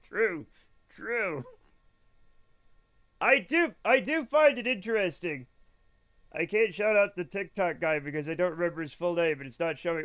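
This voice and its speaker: A man's voice: high voice, animated, normal speed, long pauses, fairly bright tone. A man streaming a space game live, rambling and joking with his chat while he plays. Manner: rambling, jokey, talks to chat while playing. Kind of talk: casual gaming livestream chat.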